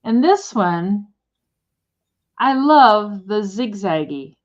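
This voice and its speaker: A woman's voice: medium pitch, lively intonation, very slow. Rambling woman co-host, muffled sound. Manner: friendly, rambling, chuckling. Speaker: live sale co-host. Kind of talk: casual selling chat.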